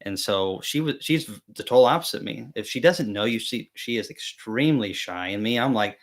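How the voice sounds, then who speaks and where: A man's voice: medium pitch, animated, brisk. A young man hosting a casual beekeeping live chat, telling rambling, self-deprecating stories with many fillers and restarts. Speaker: beekeeping channel host.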